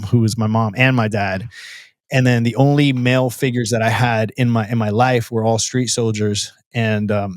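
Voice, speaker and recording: A man's voice: mid-range voice, no echo, clean studio sound. A man as a podcast guest telling his personal testimony in an earnest, storytelling way, with frequent restarts and a casual "bro" to the host.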